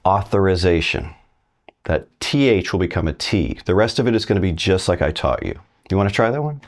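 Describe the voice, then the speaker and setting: A man's voice: deep voice, very animated, fast. A middle-aged man giving a video language lesson, talking straight to the viewer in a folksy, encouraging way. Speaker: Spanish teacher.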